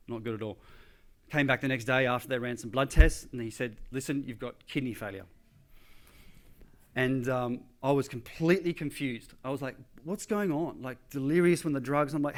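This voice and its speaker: A man giving a motivational talk, telling a story vividly and acting out what the doctors said, shifting between loud emphasis and hushed asides. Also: medium pitch. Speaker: motivational speaker.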